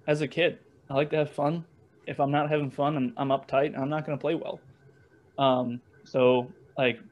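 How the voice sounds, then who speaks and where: A young man, a former baseball catcher, telling stories in a relaxed, rambling way with lots of fillers and restarts. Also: medium pitch. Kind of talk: casual storytelling interview.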